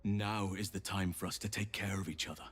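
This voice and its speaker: A gentle, solemn druid companion from a video game. His voice sits low with a husky edge. He speaks in a tender, measured, earnest way. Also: steady tone.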